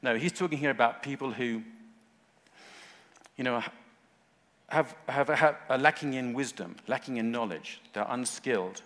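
A man's voice: medium pitch, normal speed, long pauses, a bit bright. Earnest male preacher in a reverberant hall. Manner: earnest, rises to fervent emphasis, speaks in short phrases. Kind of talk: sermon.

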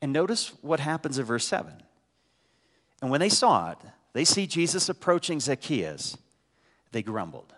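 A man's voice: mid-range voice, big pitch swings, normal speed, pauses often, fairly bright tone, long reverb tail. A man preaching a sermon with a head cold, talking conversationally and asking the congregation rhetorical questions. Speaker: pastor. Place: church sanctuary.

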